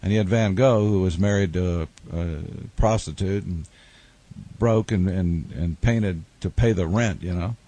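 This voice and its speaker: A man's voice: low voice, a little slow, dark tone. A man, a musician and author telling wry, rambling stories in a radio studio interview. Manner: rambling, wry storytelling with restarts.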